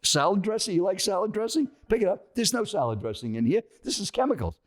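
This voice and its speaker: A man's voice: a little high, sing-song, normal speed, pitched above the performer's own voice. A man voicing a blunt, preachy male stranger who lectures about food within a story. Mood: scolding. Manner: scolding, lecturing. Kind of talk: storytelling with acted dialogue.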